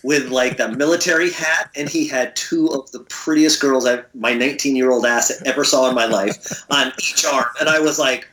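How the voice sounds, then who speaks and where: A man's voice: medium pitch, normal speed, bright, forceful tone, slight background noise. Laughing, rambling middle-aged man. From Connecticut. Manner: laughs often, profane, rambling anecdotes. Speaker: musician guest. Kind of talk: casual storytelling interview.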